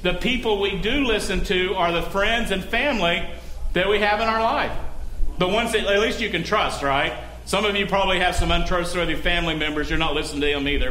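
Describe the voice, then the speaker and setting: A man's voice: high-pitched, sharp tone, slight background noise. A male pastor preaching a sermon in a conversational way, often asking the congregation questions.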